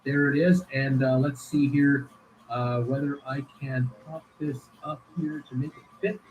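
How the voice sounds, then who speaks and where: A man's voice: medium pitch, little pitch movement, a little slow, darkish tone, lo-fi sound, a little hiss or hum. A man hosting a casual livestream who rambles with many fillers and restarts while reading viewer comments aloud. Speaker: livestream host.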